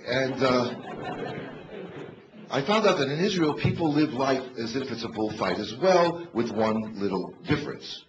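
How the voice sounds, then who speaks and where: An older man giving a funny motivational talk on stage to a live audience, animated and storytelling. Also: medium pitch. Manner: animated storyteller, bursts into shouts to rouse the crowd. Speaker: motivational comedian. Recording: echoey, dull live hall recording with noise.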